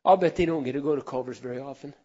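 A middle-aged man telling heartfelt stories in a sermon, earnest, dropping to a hush and then rising loud for emphasis. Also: medium pitch, racing, highs cut off. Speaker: speaker.

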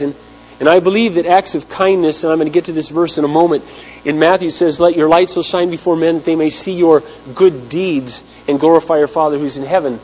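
A man preaching a sermon, telling a story in an animated way and acting out the people he quotes. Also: a little high, brisk, lo-fi sound. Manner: animated storyteller, acts out quotes, big swings in loudness. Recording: hum with long hall reverb.

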